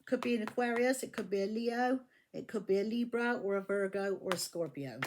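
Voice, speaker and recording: A woman's voice: medium pitch, brisk, very noisy. A woman giving a casual tarot reading, blunt and profane, often repeating her phrases. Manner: blunt, swears freely, repeats herself. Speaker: tarot reader.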